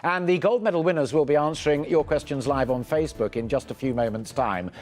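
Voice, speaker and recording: A man's voice: fairly high pitch, brisk, a little mellow. A man anchoring a live TV news programme, upbeat and playful in a studio interview.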